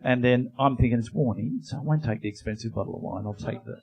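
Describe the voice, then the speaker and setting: A man's voice: mid-range voice, quick pace, muffled recording. A man co-hosting a live comedy podcast, telling a long rambling showbiz anecdote. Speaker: podcast co-host. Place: live venue with audience.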